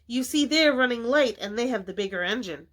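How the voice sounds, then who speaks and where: A woman voicing a stern but kindly male engine driver who speaks gravely and steadily in a storybook reading. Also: a little high, expressive, a little fast, a bit bright. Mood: urgent.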